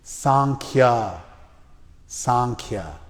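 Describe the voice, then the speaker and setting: A man's voice: mid-range voice, expressive, drawn-out words. A man teaching a scripture class, quizzing students by name and teasing them bluntly when they hesitate. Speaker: Bhagavad Gita teacher. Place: class in a reverberant room. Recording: long room reverb.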